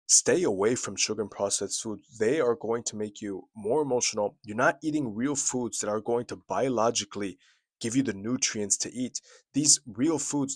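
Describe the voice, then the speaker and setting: A man's voice: mid-range voice, no room sound. A young man in his twenties giving casual, earnest advice straight to camera, with lots of "like" and "you know" and repeated phrases for emphasis. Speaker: self-improvement video creator. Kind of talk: casual talking-head advice.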